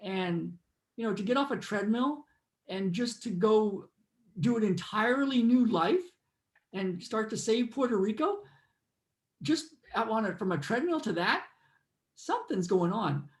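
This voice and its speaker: A man's voice: high-pitched, animated, a little slow, echoey room. A man hosting a casual talk, telling meandering, earnest spiritual stories and guiding listeners through a moment of stillness. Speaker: host. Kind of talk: casual storytelling and guided reflection.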